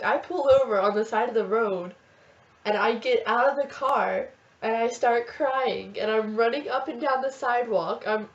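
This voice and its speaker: Chatty teenage girl, roomy lo-fi sound. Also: medium pitch. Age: teens. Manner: chatty, filler-heavy, gushing. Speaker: vlogger. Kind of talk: casual storytelling. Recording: roomy, dull lo-fi webcam audio.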